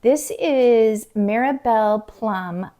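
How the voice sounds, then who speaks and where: A middle-aged woman chatting casually to camera in her home kitchen, talking to herself and dropping into soft whispered asides. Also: fairly high pitch, slow. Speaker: vlogger.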